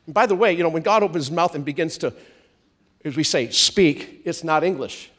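A man preaching a sermon, stretching out words for emphasis and drawing responses from the congregation. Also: fairly high pitch. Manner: animated, drawn-out emphatic preaching with call-and-response. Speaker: pastor.

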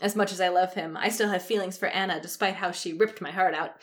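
A woman's voice: on the low side, steady tone, fast. A young woman co-hosting a casual chat, reading fan fiction aloud with wry asides and frequent giggles. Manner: giggly, wry, often breaks off to comment.

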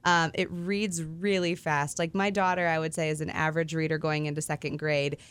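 Woman, 30s, relaxed morning radio co-host, lower-pitched voice, laughs a lot. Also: a little fast, clear, resonant tone. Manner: chatty, laughs often. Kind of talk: casual morning radio chat.

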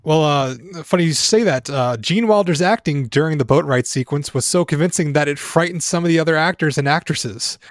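A man's voice: on the high side, a little fast, hardly any pauses, no room sound, studio quality. A man in a casual movie discussion who reads trivia from his notes, with many fillers and frequent laughs. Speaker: podcast co-host reading trivia notes.

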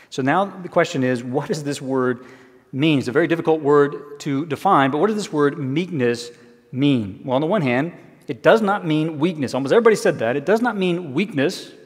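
A male pastor delivers a sermon in a fairly high voice, earnest and deliberate, slowing down to repeat his key phrases. His voice carries a long reverb, as if from a large church sanctuary. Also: husky.

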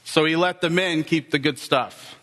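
A man's voice: a little high, moderate pace. Man preaching in an echoing hall. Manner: animated storytelling with acted-out dialogue. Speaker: pastor. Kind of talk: sermon.

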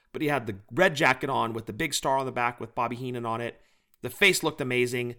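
A man's voice: medium pitch, fairly bright tone. A man co-hosting a podcast, chatting casually and doing enthusiastic, joking plugs for other shows. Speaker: podcast co-host.

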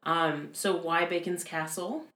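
Woman in her 30s, low-pitched podcast host, chatty storyteller, echoey room. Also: measured pace, fairly bright tone. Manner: chatty, many fillers, laughs easily. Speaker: podcast host telling a haunted history. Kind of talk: casual chat storytelling.

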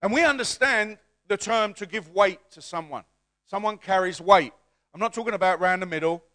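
A man, a pastor, preaching a lively call-and-response sermon in a church, building to shouts and coaxing the congregation to repeat words. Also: high-pitched, normal speed.

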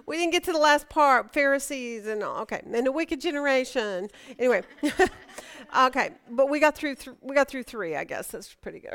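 High, smooth-voiced woman teaching Bible study. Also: a bit bright. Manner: chatty and emphatic, asks the class questions.

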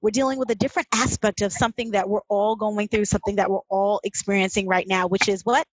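A woman co-hosting a podcast in lively, playful casual chat. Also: mid-range voice, quick pace, no room sound. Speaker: podcast co-host.

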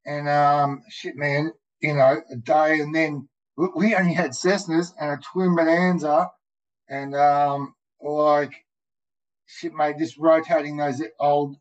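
A man with an Australian accent spins loose, animated stories, swearing freely and calling the listener "mate". His voice sits a touch high for a man. The audio is muffled and lo-fi. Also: slow pace. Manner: rambling, profane, animated anecdotes, frequent "mate" and "dude". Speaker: guest, skydiver. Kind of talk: casual storytelling.

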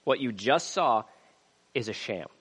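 A man's voice: medium pitch, animated, a little slow, a bit bright, breathy edge, big-room sound. A man preaching a sermon, reading scripture aloud and building emphasis as he goes. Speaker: pastor.

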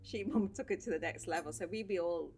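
Lower-voiced woman telling stories. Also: fast, slight background noise. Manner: animated storyteller, laughs often. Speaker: podcast guest, social worker. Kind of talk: casual storytelling chat.

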